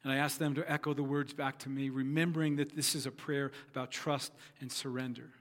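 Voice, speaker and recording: A man's voice: medium pitch, flat delivery, fairly quick, a bit bright, big-room sound. A man preaching a sermon as pastor, telling a story with earnest, repeated phrases.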